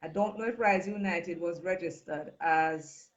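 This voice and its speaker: A woman's voice: on the low side, a little slow. A woman with a Jamaican accent, a guest explaining things in a hesitant way, with many fillers and restarts. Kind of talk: phone-in discussion. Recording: dull lo-fi line.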